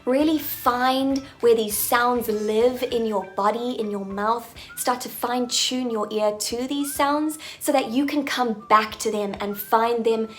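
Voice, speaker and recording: A woman's voice: fairly high pitch, fairly even intonation, measured pace, few pauses, a bit bright, faint music behind. A woman accent coach making an upbeat announcement to her viewers, with playful, jokey asides.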